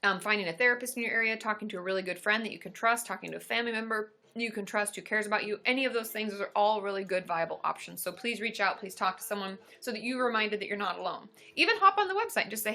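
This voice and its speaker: Woman therapist, live-stream chat, bright clear voice, upbeat, chatty, quick asides. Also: mid-range voice. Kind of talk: casual live-stream chat answering viewer questions.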